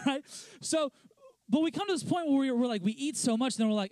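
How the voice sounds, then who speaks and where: A young man, a pastor, preaching a conversational sermon with many restarts, dropping into a lower, quieter voice for quoted lines. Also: expressive, moderate pace, pauses often, dry recording. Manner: conversational, lots of restarts and "let's be honest" asides.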